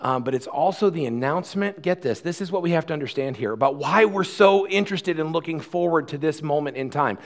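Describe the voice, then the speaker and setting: Guy preaching a sermon, chatty, gets loud and fast then goes quiet. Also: fairly high pitch, expressive. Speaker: pastor.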